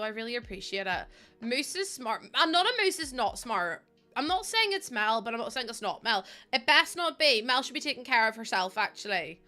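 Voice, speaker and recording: Northern Irish woman streamer, young, bright upbeat voice, chatty and self-deprecating, faint background music. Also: fairly high pitch. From Northern Ireland. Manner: chatty and self-mocking, laughing often, reading chat aloud. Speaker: live streamer. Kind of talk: casual live-stream chat while building in a game.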